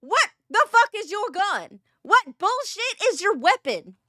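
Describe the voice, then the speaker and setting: A woman's voice: very high voice, very animated, a little slow, bright, forceful tone, soft background music. A woman streamer reacting to a video in casual, profane chat, exasperated and often laughing.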